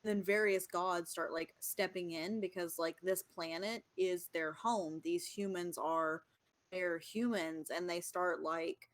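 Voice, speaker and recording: A woman's voice: on the low side, steady tone, slow pace. A woman co-hosting a podcast, chatting casually and enthusiastically, with rambling sentences full of fillers. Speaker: podcast co-host. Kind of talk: casual chat and reading writing prompts.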